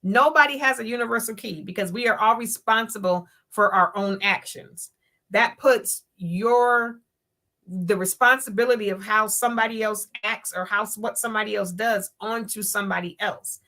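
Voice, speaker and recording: A woman's voice: mid-range voice, normal speed, bright, forceful tone. A woman hosting a live-streamed talk show, speaking emphatically and preaching her point, often acting out the words of others. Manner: emphatic, preachy, acts out quotes in voices.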